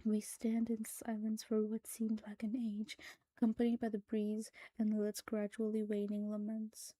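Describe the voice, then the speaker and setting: A woman narrating a creepy horror story in a hushed, soft-spoken way that drops into whispers. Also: mid-range voice, completely flat delivery, moderate pace, no echo, poor audio. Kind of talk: scripted horror story reading.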